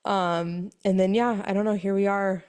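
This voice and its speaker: A young pregnant woman co-hosting a podcast, chatting casually and telling a story with animated quoted voices and frequent laughs, worn out from sickness. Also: mid-range voice, normal speed, clear, resonant tone. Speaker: podcast co-host. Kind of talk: casual chat.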